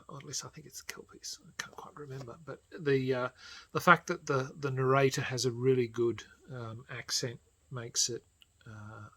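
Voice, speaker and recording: Husky man rambling through book picks. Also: mid-range voice. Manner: rambling, many fillers, voice often trails off quietly. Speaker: channel host. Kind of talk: casual book recommendations.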